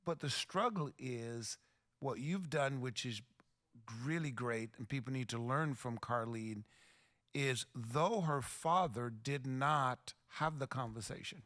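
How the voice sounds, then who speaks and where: A man's voice: mid-range voice, slow, fairly bright tone. A man hosting a faith-based podcast, speaking earnestly, quoting scripture and affirming his guests. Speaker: podcast host.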